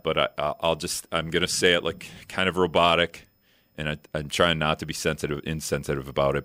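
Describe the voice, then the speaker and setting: A man's voice: very deep voice, a little fast, sharp tone, no room sound, studio quality. A man hosting a talk radio show, rambling through statistics and correcting himself as he goes. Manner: rambling, self-correcting, reading off numbers. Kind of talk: casual talk radio chat.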